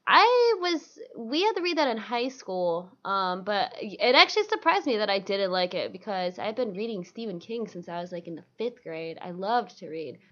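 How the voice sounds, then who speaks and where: A woman's voice: mid-range voice, very animated, moderate pace, hardly any pauses, fairly bright tone. A young woman on a comedy podcast speaks bluntly and with emphasis, cursing freely in casual chat. The recording sounds muffled and lo-fi. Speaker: returning podcast guest. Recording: dull lo-fi podcast audio.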